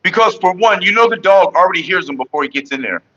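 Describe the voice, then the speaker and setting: A man rambling on a casual morning stream, swearing freely and drifting from topic to topic. His voice sits a bit high and comes across bright and forceful. The sound is dull and lo-fi, like a phone recording. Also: expressive, quick pace. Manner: profane, rambling, talks to viewers and his partner; sings loudly and off-key at times. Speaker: vlogger. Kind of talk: casual morning livestream chat.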